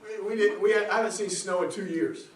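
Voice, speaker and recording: A man from South Carolina with a Southern accent preaching, telling funny stories with laughs and loud bursts. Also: sits high, steady tone, fast, a little hiss or hum. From South Carolina, USA. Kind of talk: comic storytelling sermon. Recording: echoey hall from far off.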